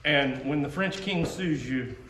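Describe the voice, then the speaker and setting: A man's voice: medium pitch, unhurried, a crowd in the background. Folksy Southern man, echoey and far off. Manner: folksy, keeps tagging "okay?". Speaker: musket maker and reenactor. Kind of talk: casual talk to a reenactor group. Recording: echoey sound from a distant mic with faint noise.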